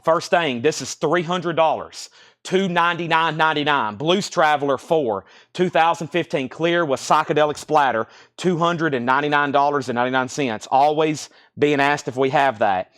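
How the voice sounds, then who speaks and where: Man, slightly higher voice, live-sale host, fast auction patter, a bit winded. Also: fairly bright tone. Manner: rapid-fire listing of prices and bids. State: out of breath.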